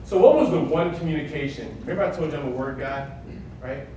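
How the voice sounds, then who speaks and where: A man's voice: on the high side, fast, mellow, slight background noise. Emphatic man lecturing in an echoey hall. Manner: emphatic, keeps checking in with "right?". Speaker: workshop speaker on workplace security. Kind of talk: live lecture with audience questions. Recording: echoey hall, mic far off.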